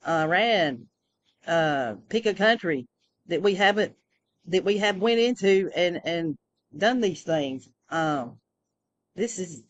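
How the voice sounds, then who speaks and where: A woman's voice: fairly low pitch, dull audio. A woman rambling through a casual personal monologue, full of fillers and restarts. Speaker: vlogger.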